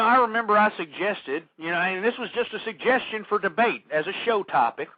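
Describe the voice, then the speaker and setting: A man hosts an internet talk radio show in an angry, preachy rant. His high voice keeps stumbling into repeated words as he works himself up. The sound is dry and dull, with a lo-fi, muffled tone. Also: no echo. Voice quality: stammering, repeats words when worked up. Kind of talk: ranting talk radio monologue.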